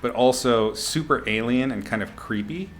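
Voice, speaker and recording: A young man casually talking through his painting on a live stream, relaxed and chatty, reading out viewers' names and laughing often. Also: medium pitch, moderate pace, faint music behind. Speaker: artist streaming a painting lesson.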